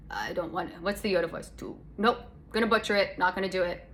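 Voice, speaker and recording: A young adult Canadian woman hosts a casual solo podcast on her phone, rambling sarcastically and correcting herself constantly. Her voice is medium-pitched and a little fast, with a slight hiss or hum in the recording.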